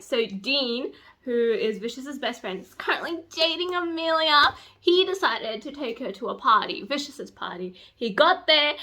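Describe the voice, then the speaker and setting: A young woman chatting casually as she recaps a novel, gushing and excitable, now and then breaking into loud squeals. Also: high-pitched. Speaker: book vlogger.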